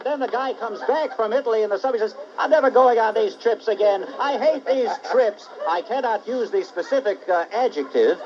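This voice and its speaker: A man doing a comic radio bit, brash and mocking, needling with repeated jabs. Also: very high-pitched. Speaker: comedian guest. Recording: dull lo-fi talk radio recording.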